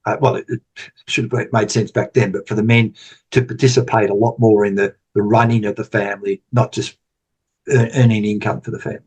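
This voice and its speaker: A man's voice: fairly low pitch, flat delivery, brisk, darkish tone, slightly rough. A man in his sixties, a podcast guest telling stories in casual talk, rambling and repeating words. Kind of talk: casual storytelling interview.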